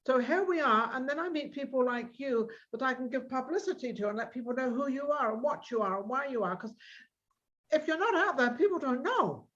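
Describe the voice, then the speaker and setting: A woman's voice: sits high, fairly quick, muffled recording. A woman hosting an internet TV interview show, chatting energetically with frequent restarts. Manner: energetic, talks in restarts and asides. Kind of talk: casual interview chat.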